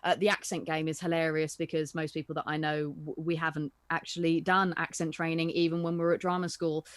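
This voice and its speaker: A woman, an improv actor, explaining performance in a relaxed, encouraging way on a home video call. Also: sits low, fairly quick, no echo. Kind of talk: casual interview chat.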